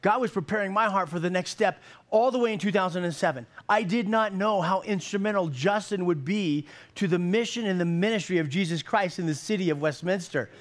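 A man in his fifties preaching to a congregation with a voice a touch higher than most men's. He talks in a folksy, joking way, often doubling back and repeating words before he lands a point. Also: a little fast, few pauses. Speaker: pastor. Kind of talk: sermon.

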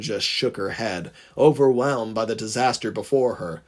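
A man's voice: fairly low pitch, moderate pace, few pauses. A man reading his own fan-fiction story aloud, narrating dramatically with swooping emphasis.

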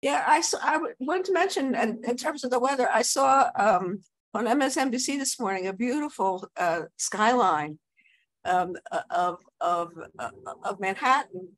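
A woman chatting as a panelist, halting with many hesitations. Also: fairly high pitch, lively intonation. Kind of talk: casual chat.

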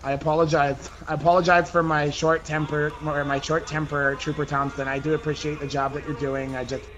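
A man voicing a brash, strong-headed businesswoman in a game role-play, mocking and theatrical, sometimes breaking into shouts. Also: fairly high pitch, flat delivery, brisk, highs cut off, lightly acted. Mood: apologetic.

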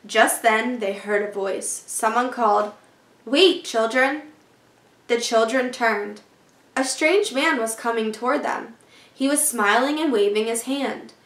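A woman reading a children's chapter book aloud as a teacher, with gentle storytelling. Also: a little high, unhurried, echoey room. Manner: gentle storytelling, voicing characters lightly.

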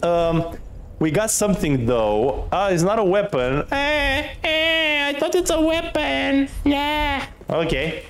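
A man commentating his first play of a game, excitable, laughing often and swearing casually at enemies. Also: very high voice, takes it slowly. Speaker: gaming streamer.

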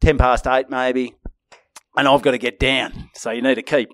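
A man's voice: mid-range voice, normal speed, no echo, clean studio sound. A man with an Australian accent, a comedian co-hosting a podcast and telling a gig story in casual chat, acting out what people said. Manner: animated, acts out quotes. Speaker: comedian co-host.

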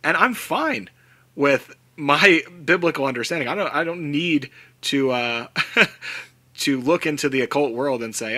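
A man hosting a podcast in casual chat, animated and slipping into mock-dramatic quoted voices. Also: on the high side, a little slow. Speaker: podcast host.

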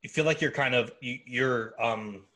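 A young man from the Midwest hosting a podcast in casual chat, loose and quick to swear. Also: medium pitch, sharp tone. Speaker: podcast host.

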